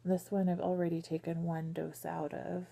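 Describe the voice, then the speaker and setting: Female vlogger, thirties; lowish, slightly gravelly voice, hesitant and candid. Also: completely flat delivery, normal speed. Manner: hesitant, many ums, soft and candid. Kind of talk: casual personal vlog.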